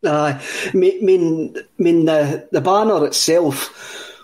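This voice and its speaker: A Scottish man with a fairly high voice tells a story on a podcast in a loose, rambling way. He stumbles over and repeats his words and laughs often as he talks. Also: slow pace, darkish tone. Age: 30s. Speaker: podcast co-host. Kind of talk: casual storytelling chat.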